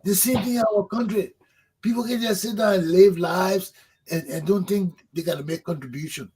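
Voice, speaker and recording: A man's voice: sits high, normal speed, darkish tone, husky, low-quality recording. A man, hosting a talk show, delivering a fervent political monologue that preaches, repeats points for emphasis and swears. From Liberia.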